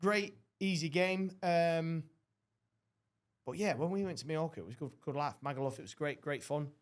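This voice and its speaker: A man's voice: on the high side, moderate pace. A man hosting a podcast, telling rambling anecdotes in casual chat and swearing often. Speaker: podcast host.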